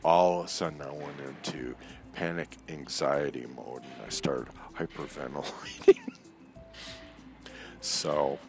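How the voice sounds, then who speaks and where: A man telling a personal story in a casual, animated way, acting out the voices of people he quotes. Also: rumbling low, unhurried, long pauses, faint music behind.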